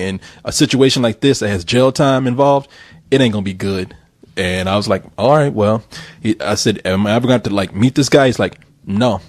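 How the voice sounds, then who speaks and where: A man telling a story in casual chat, animated and swearing freely, acting out the voices of the people in it. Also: fairly low pitch, no room sound.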